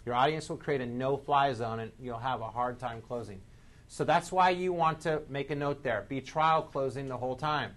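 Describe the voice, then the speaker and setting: A man leading a live sales training seminar, energetic, quizzing the audience and shifting his speed and loudness for emphasis. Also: mid-range voice, moderate pace.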